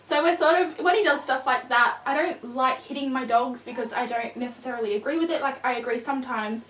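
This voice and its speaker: A woman's voice: a little high, a bit bright, slight background noise. A woman vlogger chatting casually in a rambling way, with frequent fillers, a little tired. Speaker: vlogger with a new puppy. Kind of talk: casual chat. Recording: echoey room, distant mic.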